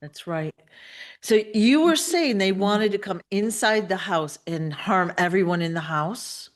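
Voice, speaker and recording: A woman's voice: medium pitch, expressive, a little slow. A woman hosting a casual live-stream interview, eagerly chiming in with short reactions and questions. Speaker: host.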